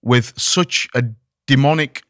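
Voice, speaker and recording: Earnest imam talking with many restarts. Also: male voice, medium pitch, slow, no room sound, clean studio sound. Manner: animated, many repeated restarts. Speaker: imam, podcast guest. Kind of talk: earnest conversational discussion.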